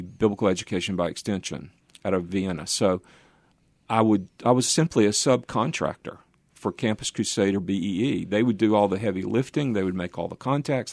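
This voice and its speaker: An older man speaks in a low voice, recounting his years of ministry with earnest warmth and an easy laugh. The sound is close and dry, with no room around it. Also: no echo. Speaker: pastor and guest.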